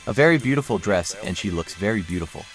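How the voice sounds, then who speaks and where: A man, a classical bass singer, calmly explaining vocal technique step by step while reacting to a live performance. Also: fast, faint music behind. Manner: calm, explanatory, walks through vocal anatomy step by step. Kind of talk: reaction commentary analysing singing technique.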